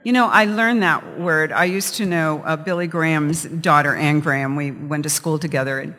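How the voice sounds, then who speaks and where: A man's voice: a little high, steady tone, normal speed, bright, forceful tone, big-room sound. A man from California preaching a sermon, chatty and story-driven. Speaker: pastor. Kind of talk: sermon with a joke opener.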